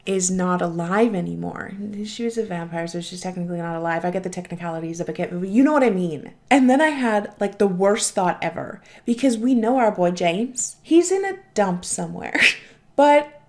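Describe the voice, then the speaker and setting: A woman's voice: fairly low pitch, normal speed. Gushing young woman reacting to a show. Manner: chatty, gushing, swears casually. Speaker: reaction channel host. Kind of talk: casual reaction commentary.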